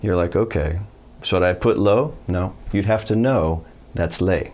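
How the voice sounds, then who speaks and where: A middle-aged man with a very low, deep voice gives a Spanish lesson to camera. He explains grammar casually and tells anecdotes, jumping his voice up to act out the people he quotes. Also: a little slow. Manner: animated storytelling, acts out quoted voices. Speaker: Spanish teacher. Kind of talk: video lesson.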